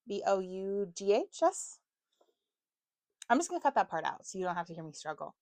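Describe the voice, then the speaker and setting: A woman's voice: mid-range voice, big pitch swings, brisk, long pauses, darkish tone, no room sound. A woman in her twenties chatting casually to camera about books, self-mocking and stumbling over words now and then. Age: 20s. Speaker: book vlogger.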